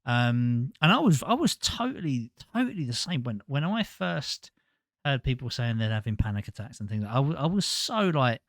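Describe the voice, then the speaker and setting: A man's voice: medium pitch, very animated, moderate pace, no room sound. Earnest male podcast host, dry sound. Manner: rambling, earnest, stumbles and restarts often. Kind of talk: casual conversation.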